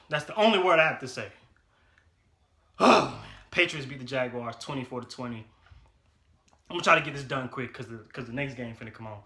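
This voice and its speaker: Frustrated young man ranting, echoey room. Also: medium pitch. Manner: frustrated, loud and emphatic, repeats himself; slang-heavy, talks fast through stats. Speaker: sports fan vlogger. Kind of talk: casual game reaction rant.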